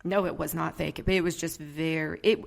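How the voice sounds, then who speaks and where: A woman co-hosting a casual podcast about new shows, her voice carrying a gravelly fry. She talks in an animated, exclaiming way and acts out other people's lines as she tells stories. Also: sits low, normal speed. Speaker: podcast co-host. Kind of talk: casual chat.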